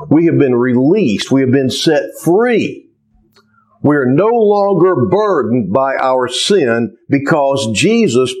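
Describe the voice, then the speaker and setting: Male pastor, sermon delivery, slow and measured, very animated pitch. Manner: unhurried storytelling with lively pitch.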